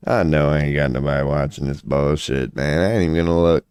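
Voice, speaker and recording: A man's voice: a bass voice, fast talker, few pauses, darkish tone, clear, resonant tone, no room sound, clean studio sound. A tired man rambling indoors at home in a late-night vlog, profane, slangy and laughing at himself. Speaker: vlogger.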